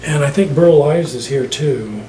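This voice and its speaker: A man's voice: on the high side, measured pace, mellow, slight background noise. An older man, a veteran interviewee, rambling through stories in an oral history interview and laughing often. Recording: echoey room with faint ambience.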